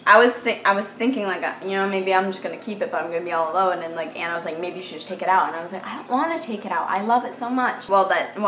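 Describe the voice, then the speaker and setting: A fifteen-year-old girl telling a storytime vlog, animated and dramatic, full of "like" fillers, recorded on a camera mic in a bedroom. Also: mid-range voice. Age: teens. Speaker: vlogger. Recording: echoey room with faint hiss.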